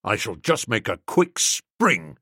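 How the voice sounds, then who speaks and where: Stilton: man playing a terse, gruff lawman, lower than the narration, dry and close. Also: big pitch swings, slow, fairly bright tone, dry recording, full character voice. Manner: curt, dogged, terse. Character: blunt, gruff young policeman.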